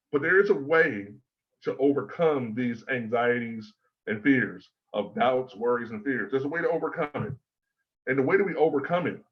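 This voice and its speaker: Measured man coaching presenters, lo-fi. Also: medium pitch. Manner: measured, emphatic, repeats key words in threes. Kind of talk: instructional talk to a speakers' club. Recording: slightly dull, lo-fi sound.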